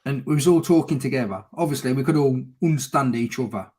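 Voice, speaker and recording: A middle-aged man with an English accent chatting loudly over a video call, swearing and laughing as he tells stories. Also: mid-range voice, fast talker, a little hiss or hum. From England. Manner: loud, swearing, laughing storyteller. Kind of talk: casual chat.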